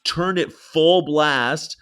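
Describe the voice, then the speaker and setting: An American man hosting a casual chat, telling a story in an animated way, acting out quotes and swearing freely. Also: fairly high pitch, drawn-out words, smooth. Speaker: podcast host.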